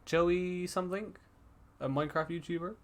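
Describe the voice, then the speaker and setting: A man's voice: sits high, fairly even intonation, normal speed. A man co-hosting a casual podcast over an online call, rambling with many restarts and swearing. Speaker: podcast co-host. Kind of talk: casual chat.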